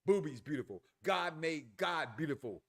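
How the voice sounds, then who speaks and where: A man co-hosting a casual review show, loud and playful, crude jokes, acting out the characters as he recaps. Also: fairly high pitch, lively intonation, moderate pace, vocal fry.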